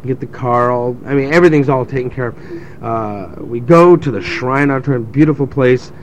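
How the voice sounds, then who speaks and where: A man's voice: medium pitch, normal speed, muffled recording, slight background noise. A young adult man telling a rambling, sarcastic story in casual chat, mimicking people as he goes. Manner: sarcastic, mimics crowd voices, rambling with restarts.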